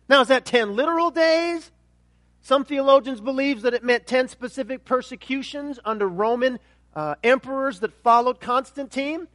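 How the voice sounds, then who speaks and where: A pastor preaching a sermon emphatically, building to loud questions and then dropping quiet and intense. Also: male voice, very high-pitched, moderate pace, no room sound.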